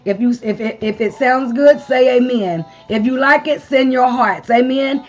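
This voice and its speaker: Brief woman preacher, slightly high, lo-fi stream. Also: moderate pace. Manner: call-and-response preaching with frequent amens and long spoken lists. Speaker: preacher leading a live-streamed devotion. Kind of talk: sermon.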